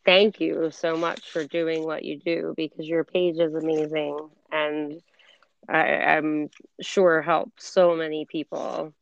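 A woman's voice: low voice, little pitch movement, takes it slowly, vocal fry, dull audio. A woman from the United States in her forties, hosting an interview over a call, effusive and stumbling over repeated starts. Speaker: podcast host. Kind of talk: casual conversation. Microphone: phone or call recording.

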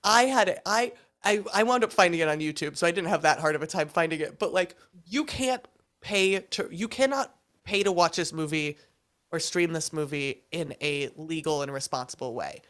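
A woman's voice: low-pitched, normal speed, fairly bright tone. A young woman co-hosting a podcast in casual chat, enthusiastic, laughing as she talks and swearing now and then. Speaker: podcast co-host.

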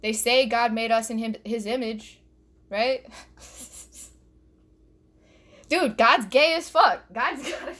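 A woman's voice: a little high, slow, pauses often, a bit bright. A young woman doing a profane, rambling comedy rant alone in her bedroom, recorded on her phone, laughing at her own jokes. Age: young adult. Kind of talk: solo stand-up style rant.

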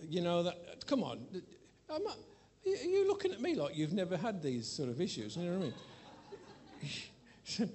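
A preacher with a fairly high voice delivers a sermon to a live congregation. He tells a frank personal story with self-mocking humor, sometimes dropping to a near mutter and sometimes rising to a loud, exaggerated plea. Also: slow pace, long pauses, a little hiss or hum. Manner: candid, self-mocking storytelling with lively swings in loudness.

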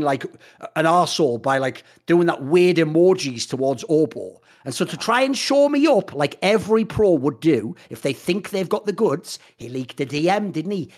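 A British podcast co-host goes on a heated, profane, mocking rant, frequently breaking into impressions of other people. His voice sits a little high and sounds husky.

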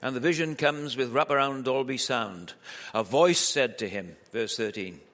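At a church camp, a man preaches a sermon conversationally, joking and firing off rhetorical questions at his listeners. His mid-range voice is fairly bright at normal speed, in an echoey hall with long reverb.

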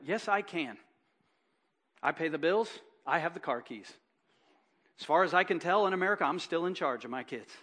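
A man preaching a sermon as pastor, impassioned, swinging from loud urgency to hushed, fervent preaching with rhetorical questions. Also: on the high side, animated, moderate pace, long pauses.

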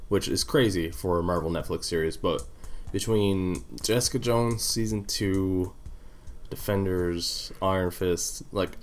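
A man's voice: deep voice, a little slow. A man co-hosting a casual review chat, rambling with lots of fillers and the odd swear. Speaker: podcast co-host.

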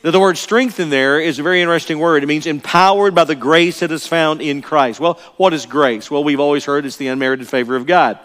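An older male pastor preaches earnestly and emphatically in a church sanctuary, often repeating his key phrases. His voice is a little high, a bit bright, and a little fast, with hardly any pauses. The long reverb of the large hall carries his words.

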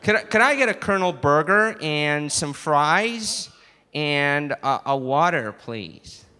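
Halting American tourist, polite and unsure, in a theatre with a long echo, as a comedian puts him on. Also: male voice, fairly high pitch, very animated, sharp tone, slight background noise, exaggerated voice. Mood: hesitant. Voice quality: hesitant, halting. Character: polite, hesitant young American man abroad. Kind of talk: stand-up comedy character. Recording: live theatre with long reverb and audience.

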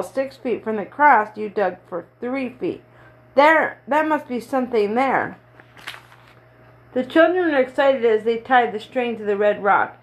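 A woman's voice: on the high side, rough recording. A woman reading a children's chapter book aloud, lifting her voice a little for the children's lines. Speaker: storybook reader.

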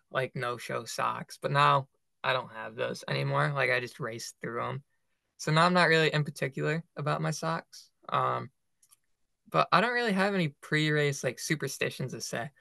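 Young man, podcast co-host, gravelly fry, dry close mic, filler-heavy casual chat. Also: mid-range voice, pushed and bright, no echo.

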